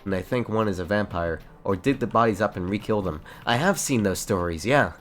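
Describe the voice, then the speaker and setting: A man's voice: on the low side, lively intonation, a little fast, a bit bright, faint music behind. A man streaming a fantasy game late at night, chatting casually and playfully, rambling and talking to himself as he plays.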